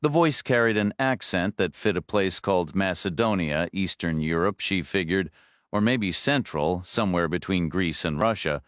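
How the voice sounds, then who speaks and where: A man narrating a thriller audiobook in a steady, even storytelling manner. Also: deep voice, moderate pace, no room sound. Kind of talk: scripted narration. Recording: dry close studio read.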